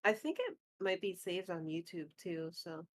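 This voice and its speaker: A woman's voice: fairly low pitch, very animated, moderate pace. A woman co-hosting a live stream, chiming in with brief, matter-of-fact remarks. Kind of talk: casual live-stream chat.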